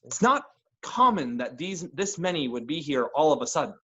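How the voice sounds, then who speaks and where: Man playing a soft-spoken maternal divination teacher, sweet manner, fairly high voice. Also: big pitch swings, slightly rough, dull audio, exaggerated voice. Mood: puzzled. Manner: soft, sweet, unhurried speech.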